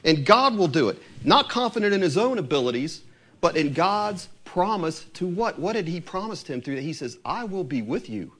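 A man's voice: high voice, expressive, moderate pace, a bit bright. A man preaching a sermon who reads scripture aloud and asks his listeners questions.

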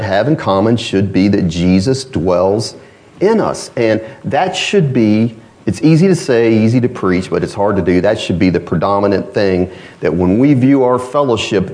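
A man's voice: lowish voice, darkish tone. A man with a northern US accent preaching a sermon in a folksy, conversational way with frequent asides to the congregation.

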